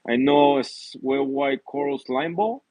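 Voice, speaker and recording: A man's voice: mid-range voice, unhurried, darkish tone, dry recording. A man in a casual, rambling vlog about his reef tanks, full of fillers, easy laughs and repeated apologies. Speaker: reef tank hobbyist vlogger. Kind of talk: casual chat.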